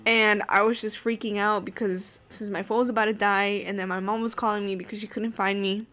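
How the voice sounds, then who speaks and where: A woman's voice: medium pitch, little pitch movement, brisk, pushed and bright. A woman chatting casually as a podcast guest, telling a story with lots of fillers and swearing. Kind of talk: casual chat.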